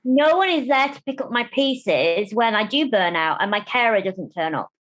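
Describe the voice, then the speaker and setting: This disability rights campaigner from Germany is a guest on an interview show, where she talks about her life with candor and energy. She has a fairly high-pitched voice at a normal speed, and she chats freely, performing quoted voices as she goes.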